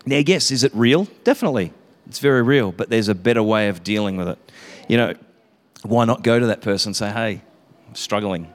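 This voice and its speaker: Chatty preacher in a reverberant hall. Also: male voice, lowish voice, expressive, quick pace. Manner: chatty, self-interrupting, laughs often. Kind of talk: casual sermon.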